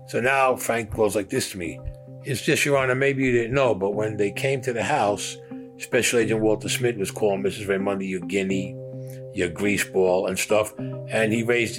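A man with a fairly low voice tells his story with heat and plenty of swearing. He slips into the voices of the people he quotes as he goes. Faint music plays underneath. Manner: heated, acts out quoted voices. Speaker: interviewee recounting his past. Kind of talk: profane storytelling.

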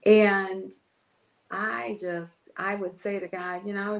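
A woman's voice: medium pitch, flat delivery, slow, roomy sound, poor audio. A woman pastor telling an emotional personal story in an interview, acting out her own past words. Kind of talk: testimony in an interview.

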